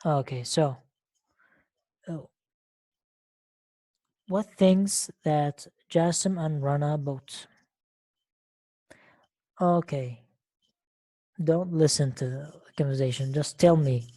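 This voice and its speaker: Slow, low-voiced woman teaching English online. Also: dark tone. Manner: slow, patient, repeats words and questions for learners. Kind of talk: online live English lesson. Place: online class call.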